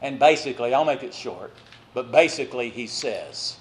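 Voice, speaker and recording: A male preacher with an expressive, medium-pitched voice gives a sermon that swings between loud urging and quiet, drawn-out lines, punctuated by conversational remarks to the congregation.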